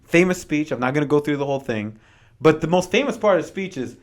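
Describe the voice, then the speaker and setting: Lively, high-voiced man hosting a podcast. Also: fast talker. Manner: animated, dramatizes history with slangy asides. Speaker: podcast host. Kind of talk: casual podcast talk mixed with reading from notes.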